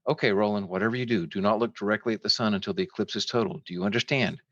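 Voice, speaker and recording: A man voicing an excited older male amateur astronomer who shouts eager instructions. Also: lowish voice, rapid-fire, dry recording, lo-fi sound. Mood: concerned.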